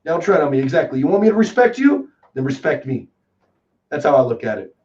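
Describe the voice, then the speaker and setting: A man from Texas in casual chat as a guest, telling rambling, animated stories with lots of fillers. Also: fairly high pitch, a little fast. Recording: distant, dull lo-fi call audio.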